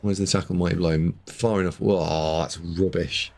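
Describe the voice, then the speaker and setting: A man casting a video game match, excitable, jumping from loud shouts to muttered asides. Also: sits low, normal speed. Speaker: game caster.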